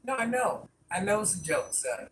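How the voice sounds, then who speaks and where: A man's voice: high voice, very animated, moderate pace, noisy background. A man rambling through a casual live stream, answering viewer comments and talking to people off camera in a folksy way.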